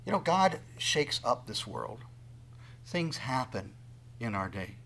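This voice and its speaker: A man preaching a sermon, swinging from soft asides to loud, dramatic bursts and acting out quoted voices. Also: mid-range voice, big pitch swings, slow, creaky, breathy edge. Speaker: pastor.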